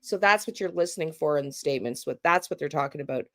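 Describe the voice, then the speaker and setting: A woman's voice: deep voice, animated, fast talker, a bit bright. A woman hosting a true crime panel discussion, explaining speech patterns in a casual, teacherly way. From Canada. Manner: explanatory, demonstrates intonation patterns. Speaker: true crime channel host.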